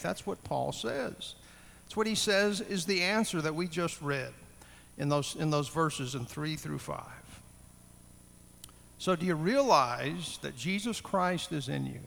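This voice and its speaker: A man's voice: high voice, gravelly, pushed and bright. A man preaching a sermon to a congregation in a conversational way, often putting questions to his listeners. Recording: long hall reverb.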